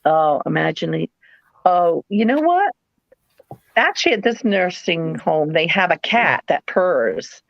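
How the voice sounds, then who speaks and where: Chatty New England woman, lively storyteller. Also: lowish voice, a little slow, gravelly, no echo, lo-fi sound. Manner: rambling, animated storytelling with playful put-on voices. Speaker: live sale host, former nurse. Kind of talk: casual chat.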